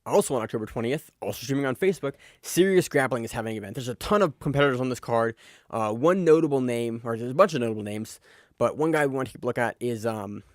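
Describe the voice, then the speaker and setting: A man co-hosting a podcast, chatting casually and excitably about grappling events, swearing now and then. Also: medium pitch, quick pace, no room sound, clean studio sound. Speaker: podcast co-host. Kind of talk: casual sports chat.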